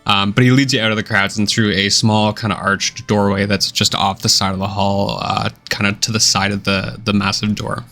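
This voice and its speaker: A man narrating a fantasy tabletop game as game master in a relaxed, descriptive way. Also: on the low side, normal speed, vocal fry, few pauses. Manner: relaxed, descriptive, many uh and kinda fillers.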